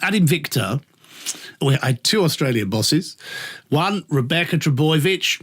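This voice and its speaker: Animated, laughing male radio presenter. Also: a little high, moderate pace, breathy edge. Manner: animated storyteller, laughs often, swears casually. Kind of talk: casual interview chat.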